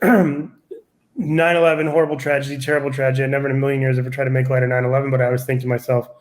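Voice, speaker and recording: A man in his forties, a stand-up comedian, telling a profane and animated anecdote in a casual podcast chat. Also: medium pitch, racing.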